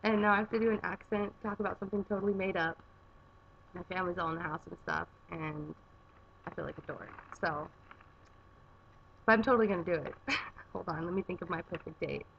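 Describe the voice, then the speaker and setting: Gravelly-voiced young woman vlogging casually. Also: lowish voice, a little fast, pauses often, highs cut off, a little hiss or hum. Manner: rambling, chatty, with filler words. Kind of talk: casual vlog chat. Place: home garage.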